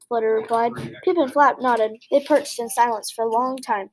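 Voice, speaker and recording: A woman reading a children's story aloud in a clear, gentle way. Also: on the high side, fairly even intonation, normal speed, low-quality recording.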